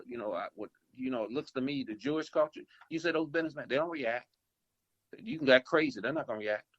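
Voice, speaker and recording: A man's voice: medium pitch, fairly bright tone, dry recording. A middle-aged man, an insurance agency owner and investor, giving rambling advice in a phone interview, with many repeats and restarts as he acts out calls with customers. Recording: dull lo-fi phone line.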